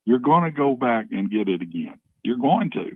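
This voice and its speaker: A man's voice: medium pitch, big pitch swings, moderate pace, husky, narrow, tinny audio. A man in his seventies, calling in as a guest, telling folksy, emphatic stories. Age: 70s. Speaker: guest on phone line. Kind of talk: casual radio chat.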